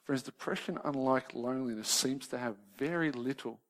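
A man's voice: medium pitch, normal speed. A man, preaching a sermon in a conversational way and often checking in with his listeners. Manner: shifts from lively banter to soft, grave questions.

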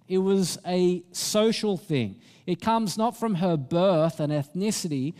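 A man's voice: high-pitched, a little mellow. A man, preaching a sermon with self-deprecating stories. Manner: storytelling, self-deprecating and earnest. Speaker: pastor. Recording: long reverb of a hall.

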